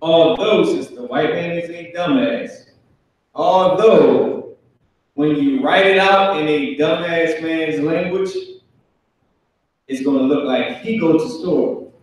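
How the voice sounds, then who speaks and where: A man's voice: fairly high pitch, slow pace, pauses often. A man teaching a live online class in an emphatic, repetitive way, stretching out his example phrases. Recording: echoey room, far from mic.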